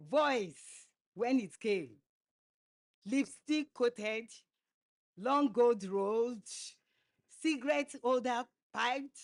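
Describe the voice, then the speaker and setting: Slow, halting woman reciting a poem. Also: a little high. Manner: halting, restarting words. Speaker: poetry reader. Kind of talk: poetry recitation at a conference. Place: conference stage.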